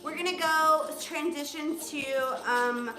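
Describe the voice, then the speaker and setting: A woman's voice: high-pitched, slow, pushed and bright. A young woman leading a live home workout as a fitness instructor, chatty and full of "um" and "like.". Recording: echoey room with music playing. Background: music.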